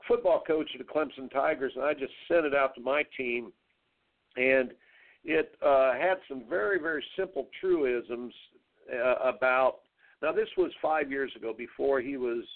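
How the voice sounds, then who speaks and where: A middle-aged tennis coach talks on his radio show, wandering through anecdotes and doubling back on his words. His voice has a gravelly edge and sits at an ordinary pitch. It comes through a narrow, phone-like line. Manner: rambling, repeats words, tells stories with quoted dialogue.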